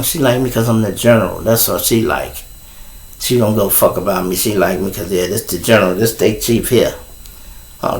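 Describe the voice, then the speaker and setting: A middle-aged man with a Chicago accent, hosting his show and telling a profane, animated story in a casual way. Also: mid-range voice, a little hiss or hum. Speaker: show host. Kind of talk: storytelling on a livestream.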